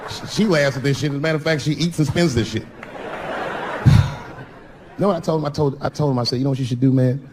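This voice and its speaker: Stand-up comedian telling a story on stage. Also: male voice, a little high, fast talker, long pauses. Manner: storytelling, switching between loud punchlines and mumbled asides. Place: theater stage before a laughing audience. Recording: live show with audible room noise.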